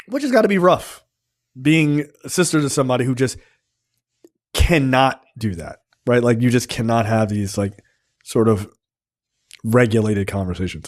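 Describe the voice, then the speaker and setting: A man's voice: mid-range voice, dry recording, studio quality. Laid-back man rambling about a film. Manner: laid-back, rambling, profane, frequent "like" and laughter. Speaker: podcast co-host. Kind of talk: casual movie review chat.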